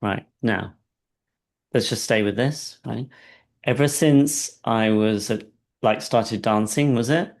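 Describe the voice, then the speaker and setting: A man coaching a client through a guided session, speaking calmly and checking in often with "right?". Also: lowish voice, slow. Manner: calm and soft-spoken in guidance, animated when telling stories; frequent "right?" check-ins, laughs between points.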